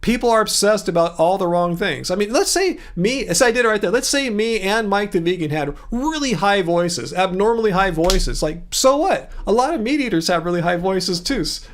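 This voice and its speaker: A man with a relaxed Southern Californian accent talks to his viewers in a loose, rambling livestream chat. His voice sits high for a man, and he laughs easily between thoughts. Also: moderate pace, few pauses. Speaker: livestream host.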